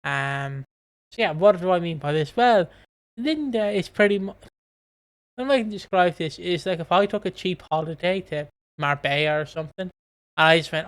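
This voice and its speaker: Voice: medium pitch, normal speed. A co-host of a casual podcast, rambling through a recap with frequent swearing and laughter. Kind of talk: casual chat, recapping a soap.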